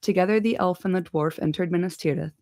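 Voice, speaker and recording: Creaky-voiced woman reading with jokey asides. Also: lowish voice, fast, darkish tone, no echo, studio quality. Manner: irreverent joking asides. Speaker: podcast reader. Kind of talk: casual audiobook reading with asides.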